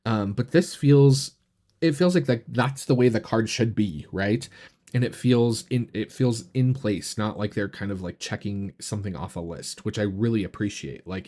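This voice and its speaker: A man hosting a casual live stream, chatting in a relaxed, rambling way with many fillers and restarts, enthusiastic about what he shows. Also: fairly low pitch. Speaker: tarot reader and channel host.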